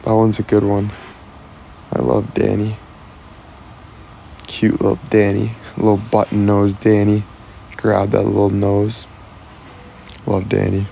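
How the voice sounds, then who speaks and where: Deeper-voiced male streamer, playful ribbing, thanks chat by name, faint hum behind. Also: monotone, creaky, warm tone. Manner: teasing, playful, quick to laugh; rattles off thanks to viewers by name. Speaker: live streamer. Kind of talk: casual live-stream chat with viewers.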